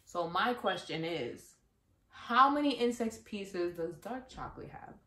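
A woman's voice: mid-range voice, expressive, measured pace, pushed and bright, reverberant. A young woman co-hosting a casual chat, playful and slangy, laughing often. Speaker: co-host. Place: shared home.

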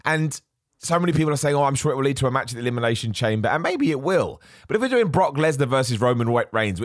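A man's voice: fairly high pitch, dry recording, clean studio sound. A man hosting a podcast, chatting casually and animatedly, often correcting himself mid-sentence. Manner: animated, self-correcting, mocks other voices. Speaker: podcast host. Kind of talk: casual wrestling opinion chat.

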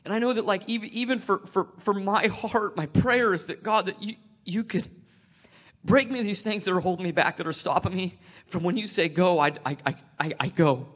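Tearful guy telling his faith story, highish voice, keeps stumbling and restarting. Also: fairly bright tone. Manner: emotional, halting with many restarts. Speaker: speaker sharing testimony. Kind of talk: personal faith testimony.

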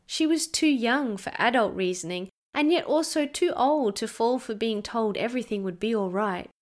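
A woman narrating a storybook in a slow, measured reading. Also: fairly high pitch.

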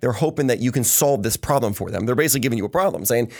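A man hosting a casual podcast, telling animated stories and acting out the quotes of the people in them. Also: mid-range voice, very fast, vocal fry. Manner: animated storytelling with acted quotes. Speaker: podcast host.

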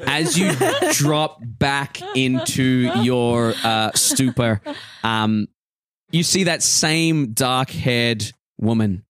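A man narrating as game master of a tabletop game, describing a dream slowly with pauses. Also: medium pitch, fairly bright tone, no echo.

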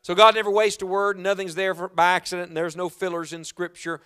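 A man preaching a sermon in a church auditorium, reading scripture and asking the congregation questions, dropping to a hush and then rising loud. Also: sits high, level tone, a little fast, clear, resonant tone. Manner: dramatic swings from hushed to loud, asks the congregation questions.

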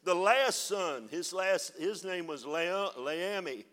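An older man preaching with fire in a high, ringing voice. His delivery is bright and forceful, swinging from low, muttered asides to loud, shouted declarations. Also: animated, takes it slowly. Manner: fiery, preaching with rising shouts. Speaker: pastor. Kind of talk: sermon.

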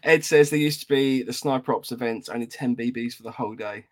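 A man's voice: mid-range voice, brisk. A British man co-hosting a casual podcast, reading out live chat comments and laughing often.

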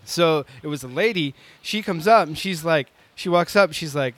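A man in his forties telling a long story casually, animated and laughing often, with lots of filler words. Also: fairly high pitch, moderate pace, few pauses, dry recording.

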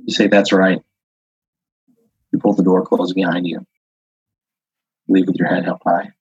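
Low husky man narrating a comic game. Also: level tone, darkish tone, no room sound. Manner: rambling, halting narration with chuckles. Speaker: game master. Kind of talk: improvised comedic storytelling. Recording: dull, dry lo-fi audio.

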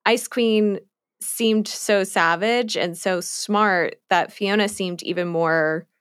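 Female podcast co-host, unhurried casual delivery, dry recording. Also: medium pitch, a bit bright, clear, resonant tone, no echo. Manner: chatty, many likes, frequent laughs. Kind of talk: casual chat discussing a cartoon episode.

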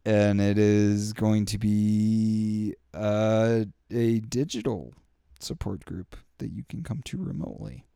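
A man's voice: on the low side, takes it slowly, vocal fry, warm tone, clean tone, no room sound, studio quality. A young man hosting a podcast, talking in a rambling, profane and heartfelt solo rant full of fillers. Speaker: podcast host. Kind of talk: candid solo podcast monologue.

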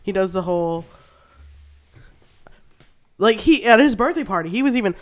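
A woman's voice: mid-range voice, animated, moderate pace, long pauses, darkish tone. A woman co-hosting a podcast, telling casual stories with frequent laughs and swearing. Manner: storytelling, swears freely, laughs often. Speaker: podcast co-host. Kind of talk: casual chat.

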